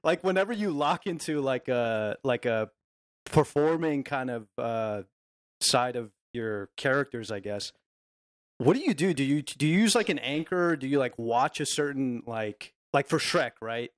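A man's voice: medium pitch, expressive, a little slow, no room sound. A man hosting a casual chat, laid-back and hedging, with many filler words.

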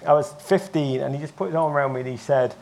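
An English man in his fifties, a broadcaster telling lively, self-mocking stories as a guest in a live interview. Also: fairly high pitch, quick pace, creaky. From England. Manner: animated, self-mocking anecdotes with frequent restarts. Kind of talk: live on-stage interview storytelling.

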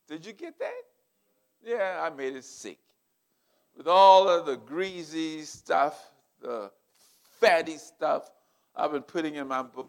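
Animated older male preacher, slow and lively. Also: on the high side. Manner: storytelling, animated and emotional. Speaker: pastor. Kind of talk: sermon.

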